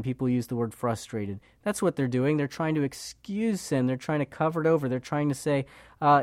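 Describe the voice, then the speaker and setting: A man's voice: fairly high pitch, no room sound, clean studio sound. A man delivering an earnest sermon, often repeating words and using fillers as he speaks. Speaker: preacher.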